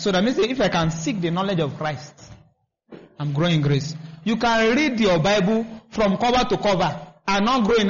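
Guy preaching, high voice, keeps repeating, gets the crowd to fill in words, muffled recording. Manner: repetitive, asks the congregation to finish his lines. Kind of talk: sermon. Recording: dull lo-fi recording.

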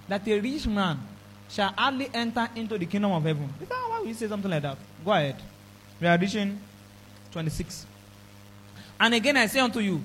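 Preacher, male, high voice, emphatic sermon delivery with call-and-response, faint background hum. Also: fairly bright tone, low-quality recording. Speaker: pastor.

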